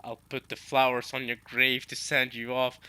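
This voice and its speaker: A calm old hero speaks in a cool, firm voice that carries steady resolve, read out by a man. His tone is bright and clear. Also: medium pitch, normal speed, no echo.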